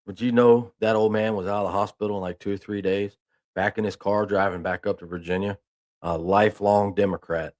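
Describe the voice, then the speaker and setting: A man's voice: on the low side, steady tone, a little fast, a little mellow. A man hosting a news talk stream, telling a rambling folksy story and reading news aloud in a casual way. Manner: rambling, folksy, with restarts and "I mean".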